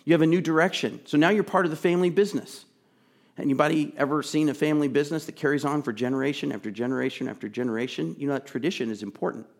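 A man preaching a sermon, earnest and emphatic, chatting with asides and sometimes dropping to a soft, pleading voice. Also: fairly high pitch, rapid-fire, vocal fry. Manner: drops to a soft, intimate tone to plead. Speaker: pastor.

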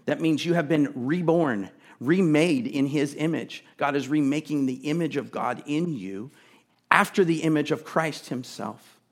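A man's voice: a little high, measured pace. A male pastor preaching a sermon in a conversational way, with casual asides and emphatic repetition.

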